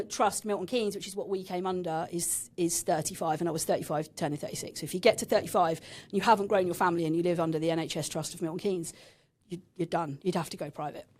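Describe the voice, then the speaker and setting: A woman's voice: fairly low pitch, fast talker, darkish tone, a little hiss or hum. A woman in her thirties from England, a podcast guest frankly telling a painful personal story and swearing now and then.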